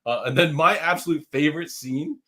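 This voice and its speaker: A man's voice: fairly high pitch, a little fast, pushed and bright. A man co-hosting a podcast, chatting casually about a movie with lots of restarts and rambling. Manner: rambling, many restarts and fillers. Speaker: podcast co-host.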